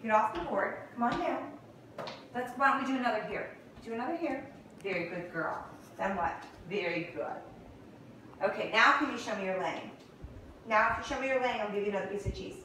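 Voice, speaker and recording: A woman's voice: on the high side, animated, brisk, pushed and bright, a little hiss or hum. Dog trainer woman, echoey room. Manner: coaxing puppy in sing-song calls. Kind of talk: casual training demo. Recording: echoey room, far from mic.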